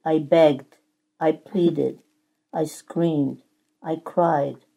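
A woman's voice: deep voice, steady tone, very slow, creaky, warm tone, husky, exaggerated voice. A woman reading as a pleading clay teacup. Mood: anguished. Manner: pleading, crying out.

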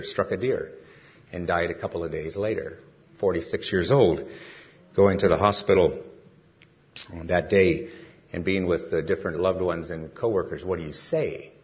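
A man with a lowish voice preaches earnestly, asking his listeners question after question. He swells louder and higher when he drives a point home. The recording sounds dull and lo-fi. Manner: earnest, asks many rhetorical questions. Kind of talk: sermon.

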